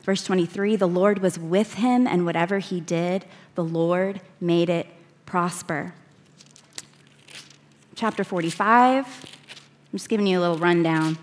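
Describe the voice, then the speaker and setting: A woman preaching, reading scripture verses aloud and slowing down to stress key words. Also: fairly low pitch. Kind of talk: sermon.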